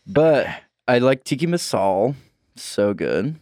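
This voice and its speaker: A man's voice: medium pitch, very animated, slow, a little mellow, no room sound, clean studio sound. A man guesting on a podcast, laid-back and goofy in casual chat.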